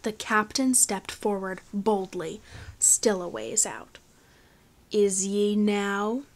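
A woman reading a novel aloud as audiobook narration, in a slow, hushed storytelling manner. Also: medium pitch. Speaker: audiobook reader.

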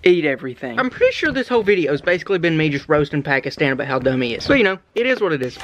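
A man's voice: a little high, big pitch swings, rapid-fire. A young man with a Kentucky accent, chatting casually to camera while working outdoors in a yard. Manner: chatty, shouts at his dog. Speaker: vlogger. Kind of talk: casual vlog chat.

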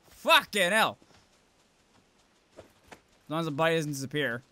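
A man hosting a let's-play, excitable and foul-mouthed, yelling at the game as he plays. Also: high-pitched, takes it slowly, long pauses. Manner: excitable, swears a lot, yells at the game. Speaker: gaming channel host. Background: game music.

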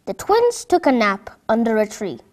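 A woman narrates a children's story aloud. She reads clearly and expressively, with a higher pitch that rises and falls a lot. Her pace suits young listeners. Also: big pitch swings, moderate pace, a little mellow.

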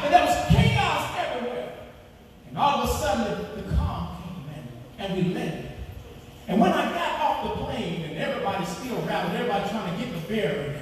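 A male pastor delivers a sermon in a very high voice and calls out to his congregation, building up to shouting. He is heard from far off in a large hall with long reverb and faint background noise. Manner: call-and-response preaching that builds to shouting.

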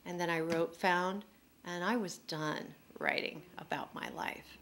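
A middle-aged woman speaking to an audience about her own life, candid and emotional, her words tumbling out quickly. Her voice sits a little low for a woman. She tells the story as it comes to her, unscripted and heartfelt. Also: fairly even intonation, fairly bright tone, a little hiss or hum. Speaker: author speaking at a public forum. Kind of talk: personal storytelling talk.

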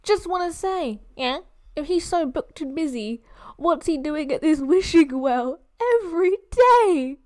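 A woman's voice: sits high, lively intonation, a little slow, a little mellow. A young British woman giving playful, teasing commentary while reacting to a film. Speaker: movie reaction host.

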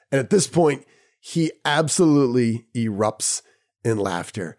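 A podcast host telling a personal anecdote in a lively, casual way, chuckling now and then. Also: male voice, mid-range voice, unhurried. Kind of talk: personal storytelling.

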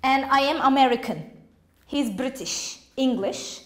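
A woman teaching an English class, speaking slowly, asking questions and repeating each word for her students. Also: high voice. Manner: slow, patient, asks questions and repeats words. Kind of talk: classroom language lesson. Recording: echoey room with faint noise.

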